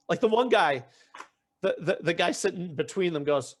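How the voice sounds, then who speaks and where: His voice sits on the high side, expressive and a touch fast. As a podcast host, the man recounts a story conversationally, dramatizing each quote and often backing up to restart sentences.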